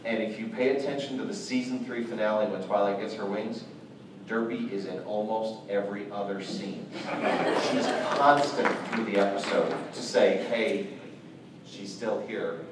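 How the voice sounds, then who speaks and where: A man's voice: lowish voice, moderate pace, far from the mic, background noise. A man on a convention comics panel, telling a long behind-the-scenes story. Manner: storytelling, explains at length. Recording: echoey hall, mic from afar.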